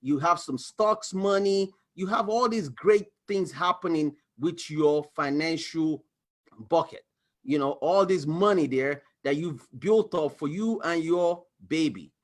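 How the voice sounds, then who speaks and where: A man with a high voice walks viewers through a money diagram shown on his screen. He talks in an animated way and slips into quick acted-out exchanges with a bank and a spouse. His tone is that of a coach pitching his advice. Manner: animated, acts out little dialogues, exclaims. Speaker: financial coach. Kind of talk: screen-share explainer talk.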